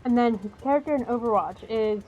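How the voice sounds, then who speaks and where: A woman streams a video game, rambling casually through her commentary with lots of hesitations. Her voice is on the high side, fast and a little mellow, and the recording is dull and lo-fi with faint noise.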